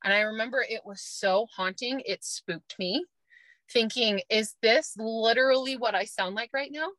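Bright-voiced woman telling her story. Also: on the high side, normal speed, no echo, poor audio. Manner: earnest, emotional storytelling with nervous laughs. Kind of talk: personal testimony.

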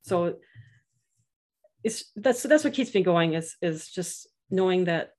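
A middle-aged woman talking earnestly as a podcast guest, telling stories and quoting others in an animated way. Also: on the low side, slow pace. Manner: earnest, animated storytelling with quoted voices. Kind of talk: casual interview chat.

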